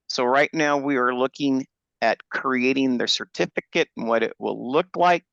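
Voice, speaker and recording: A man's voice: medium pitch, creaky, fairly bright tone, no echo. A man hosting a book launch on a video call, talking enthusiastically with fillers and restarts. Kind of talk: Zoom presentation. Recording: dull lo-fi video call audio.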